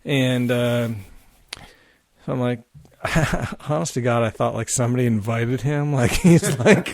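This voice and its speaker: Gravelly, rambling podcast guest, male. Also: mid-range voice, unhurried, dry recording. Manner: rambling, animated, heavy with fillers and swearing. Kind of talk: casual storytelling.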